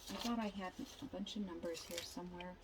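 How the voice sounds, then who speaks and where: A woman's voice: on the low side, fairly even intonation, fairly quick, noisy background. An older woman chatting casually as she works on a craft project, thinking aloud and telling a long, rambling story. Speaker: junk journal crafter.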